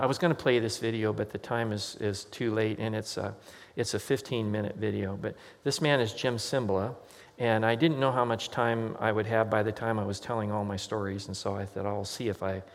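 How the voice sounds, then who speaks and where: A man's voice: fairly low pitch, long reverb tail. A man, a pastor, preaching a sermon in a conversational storytelling way and quoting the people in his stories. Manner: conversational storytelling with quoted voices.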